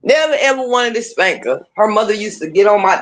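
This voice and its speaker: A woman telling stories in casual chat, profane and lively, laughing often. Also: medium pitch, a little fast, few pauses.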